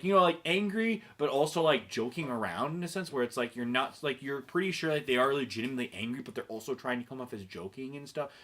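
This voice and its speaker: A man's voice: mid-range voice, fairly bright tone. A young man, a podcast guest, chatting casually in a rambling way with lots of fillers and swearing. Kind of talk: casual chat.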